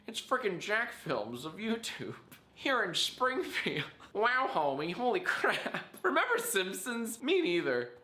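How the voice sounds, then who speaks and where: A man in his thirties, a streamer giving casual, jokey reaction commentary with quick asides. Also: high voice, wildly swooping pitch, pushed and bright, reverberant. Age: 30s.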